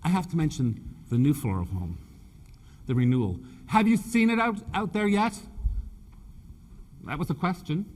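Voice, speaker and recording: A man's voice: on the high side, animated, normal speed, long pauses, darkish tone. Joking Canadian man in a large hall. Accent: Canadian with a British touch. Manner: chatty, joking, addresses the audience. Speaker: floral design presenter. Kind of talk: live stage demonstration. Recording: long hall reverb.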